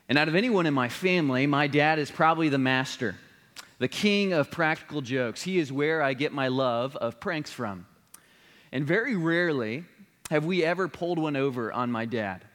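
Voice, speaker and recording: A man preaching a sermon, telling a family story in an earnest way before a solemn appeal. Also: medium pitch. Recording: long reverb of a large hall.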